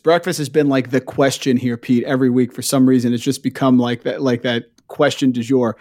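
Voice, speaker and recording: A man's voice: mid-range voice, fairly even intonation, fairly quick, few pauses, a little mellow. Upbeat man hosting a sports podcast. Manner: upbeat, jokey questioning. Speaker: podcast host. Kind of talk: casual podcast chat.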